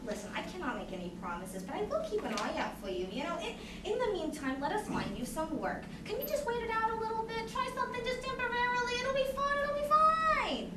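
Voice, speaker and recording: A woman's voice: extremely high pitch, very animated, fairly quick, hardly any pauses, roomy sound, recorded from a distance, very noisy, voice pushed up. A woman voicing a coaxing, condescending female recruiter who calls people honey.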